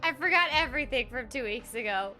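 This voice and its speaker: Bubbly, high-voiced woman streamer. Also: lively intonation, fairly quick, sharp tone. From United States. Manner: bubbly, giggly, chatty. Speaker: voice actress streaming a game. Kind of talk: casual gaming stream chat. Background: game music.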